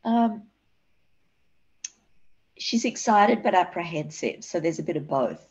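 A woman with a husky, breathy, lowish voice answers quietly and hesitantly during a guided healing session. Her audio sounds dull and lo-fi. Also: lively intonation, takes it slowly. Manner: quiet, hesitant, brief replies.

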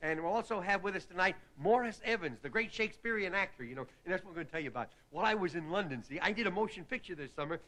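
Lively high-voiced man in a hissy old TV monologue. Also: racing, hardly any pauses. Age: middle-aged. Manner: rambling, jokey storyteller with repeated asides. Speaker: comedy show host. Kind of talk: stand-up monologue. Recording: hissy 1960s TV broadcast recording. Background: studio audience laughter.

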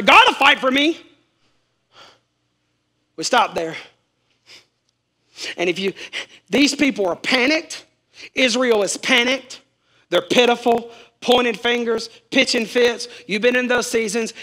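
A male pastor delivers a sermon in a high, bright voice. He leans on repetition and keeps turning to the congregation for a response. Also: a little slow, pauses often. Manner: emphatic, repeats key phrases, calls on the congregation to respond.

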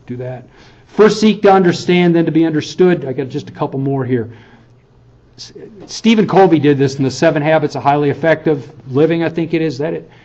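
A man's voice: on the high side, brisk, a little mellow, dull audio. A middle-aged man, a university professor, giving a heartfelt farewell lecture in a conversational, earnest way, often checking in with "okay?". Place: lecture hall.

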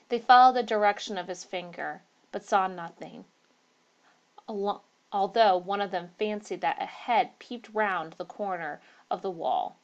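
A woman narrating a ghost story aloud, steady, with small slips and restarts. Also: medium pitch, measured pace, dull audio.

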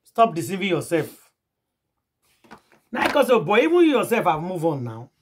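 A woman's voice: lowish voice, big pitch swings, normal speed, slightly rough. A woman with a Nigerian accent hosting a celebrity gossip vlog. She tells the story dramatically, acting out each quoted voice and calling on her audience directly.

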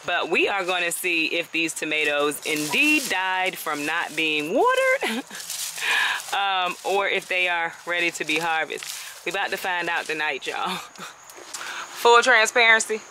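A woman's voice: lowish voice, big pitch swings, unhurried, noisy background. A woman chatting casually as she walks viewers through her backyard garden on a handheld phone, laughing often and calling them y'all. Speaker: home gardener vlogger. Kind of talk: casual garden walkthrough vlog.

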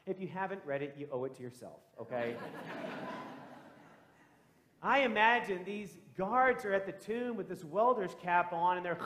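A man who is a pastor, telling a story, growing hushed and then loud as the story turns. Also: sits high, expressive, moderate pace. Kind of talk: storytelling sermon. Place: church sanctuary. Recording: echoey church room.

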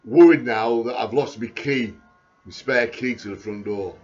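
A man, talking in a rambling video diary, halting and repetitive with many restarts, sounding anxious and panicky. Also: mid-range voice, a little mellow, highs cut off.

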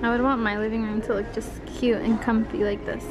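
A woman's voice: a little high, level tone, a little fast, music in the background. A young woman vlogging in a furniture store, talking to the camera in a chatty and playful way. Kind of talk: casual vlog chat.

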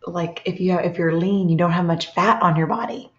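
A woman teaching a reading lesson to young children, reading aloud slowly and gently and stopping to ask them questions. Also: on the low side, fairly even intonation. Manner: slow, gentle, asks children questions and pauses. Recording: echoey, dull lo-fi room sound.

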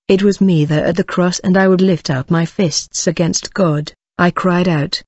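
A woman's voice: lowish voice, fairly even intonation, normal speed, few pauses, a little mellow, husky, no room sound. Woman sharing a heartfelt faith testimony; dry, muffled lo-fi recording. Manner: earnest, addresses listeners directly. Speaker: testimony speaker. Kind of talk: personal religious testimony.

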